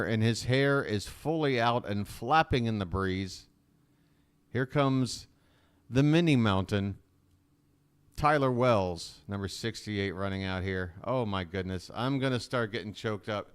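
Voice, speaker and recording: A man's voice: medium pitch, smooth. A man hosting a fan livestream, giving casual live play-by-play commentary in a chatty, rambling way, talking to his viewers as he watches. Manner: chatty and rambling, many fillers.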